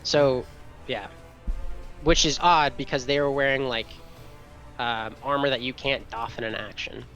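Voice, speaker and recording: A man's voice: mid-range voice, fairly even intonation, measured pace, fairly bright tone, dull audio, soft background music. A man narrating a tabletop game as game master, rambling with many fillers and restarts.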